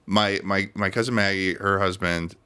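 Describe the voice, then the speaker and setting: A man's voice: deep voice, steady tone, normal speed, bright, forceful tone, clean tone. A young adult man as a podcast guest, chatting casually with rambling, joking restarts. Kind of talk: casual chat.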